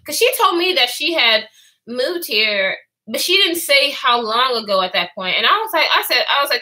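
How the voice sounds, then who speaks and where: In a candid storytime vlog, a chatty, profane woman in her twenties responds to live comments. Her high-pitched voice is pushed and bright, swinging widely in pitch at a moderate pace.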